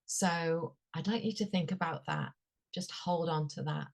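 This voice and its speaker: Low-voiced woman coaching gently. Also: vocal fry. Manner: gentle, soothing delivery with frequent "um" pauses. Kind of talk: leading a workshop.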